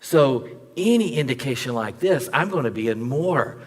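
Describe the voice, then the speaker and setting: A young man preaching a sermon as the pastor, telling a personal story in a lively way, acting out both sides of a conversation and joking with the congregation. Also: medium pitch, moderate pace, in a large hall. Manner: animated storyteller acting out dialogue, jokes with the audience. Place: church sanctuary.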